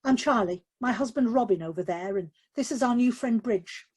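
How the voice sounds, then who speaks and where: A woman's voice: fairly high pitch, lively intonation, normal speed, a little mellow, husky. A woman voicing a flamboyant older man who loves brandy, in a jokey theatrical manner. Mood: wry.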